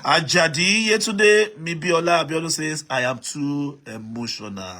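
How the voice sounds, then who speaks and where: A man's voice: fairly high pitch, measured pace, bright, forceful tone, soft background music. A Nigerian man hosting a live stream, reading out viewer comments and urging the audience to write in, switching between English, Pidgin and Yoruba.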